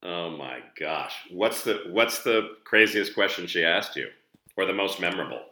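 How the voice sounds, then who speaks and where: Deep-voiced guy hosting, bright punchy tone, bouncy pitch, echoey room. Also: lively intonation. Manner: encouraging, quick reactions. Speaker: podcast host. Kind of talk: casual interview.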